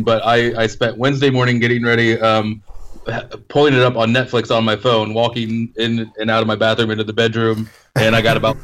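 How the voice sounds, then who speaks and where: A man's voice: mid-range voice, a bit bright. A man co-hosting a film review podcast in casual chat, rambling, self-deprecating and laughing often. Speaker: podcast co-host.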